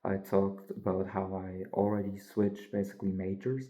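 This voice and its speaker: A man's voice: low voice, monotone, normal speed, dark tone, rough recording. A young man, a college student, talking candidly in a rambling, filler-heavy way with some yawning. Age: young adult. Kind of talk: casual vlog monologue.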